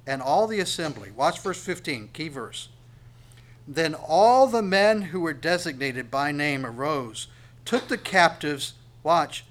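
A man preaching a sermon. He reads verses aloud slowly, then explains them in a plain conversational tone, swinging between loud emphatic reading and quiet asides. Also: on the high side.

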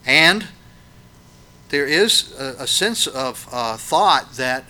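A man delivering a sermon with a very bright, ringing tone. He preaches emphatically, firing questions at his listeners and letting his voice rise and fall to drive points home. His pitch sits in an ordinary middle range. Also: animated, very slow.

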